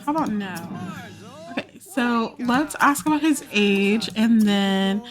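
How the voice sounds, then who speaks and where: A woman's voice: fairly high pitch, slow, faint music behind. A young woman hosting a casual let's play, chatting and inventing stories for her characters as she plays, recorded on a desktop microphone. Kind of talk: casual gameplay narration. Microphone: desktop USB mic.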